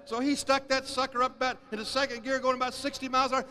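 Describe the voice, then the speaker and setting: High, forceful man telling stories. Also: quick pace, a little hiss or hum. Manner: emphatic, animated storyteller. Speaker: speaker. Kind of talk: sermon-style storytelling talk.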